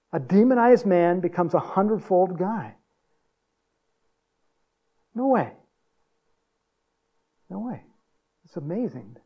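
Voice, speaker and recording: A man preaching a sermon in a folksy, chuckling way, acting out quotes in a higher voice. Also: slightly rough, muffled recording. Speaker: pastor.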